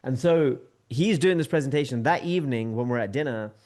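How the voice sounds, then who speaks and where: A man, a podcast guest telling a lively anecdote in conversation and acting out the dialogue. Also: medium pitch, fairly quick. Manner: lively, acts out quoted dialogue with shifting tone.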